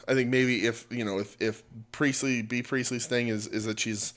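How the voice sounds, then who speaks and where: A man's voice: medium pitch, steady tone, normal speed, fairly bright tone. A man co-hosting a wrestling podcast, chatting casually and rambling with lots of fillers and restarts. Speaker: podcast co-host.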